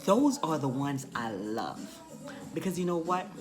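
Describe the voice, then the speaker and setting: Woman, bus driver, casual storytelling, lowish voice, animated pitch, chatty, music behind. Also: measured pace. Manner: animated, acts out kids' voices in high shrieks; chatty, fills with "you know".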